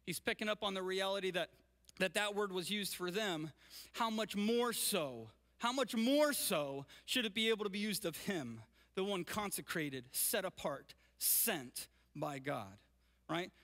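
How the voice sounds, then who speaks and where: Bright high-voiced pastor in an echoing hall. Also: male voice, unhurried. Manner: energetic, keeps checking in with "right?". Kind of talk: sermon with Bible reading. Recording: long reverb of a large hall.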